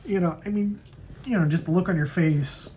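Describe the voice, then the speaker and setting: A young man hosting a casual podcast, telling a story in a loose, profane way and acting out quotes in a higher voice. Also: normal speed, slight background noise. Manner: animated, profane, acts out quotes in raised pitch. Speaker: podcast host.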